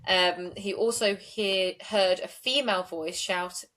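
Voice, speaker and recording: A woman's voice: lowish voice, steady tone, takes it slowly, a bit bright. A woman, co-hosting a true-crime podcast and retelling court events in a chatty way full of "like". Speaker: podcast co-host.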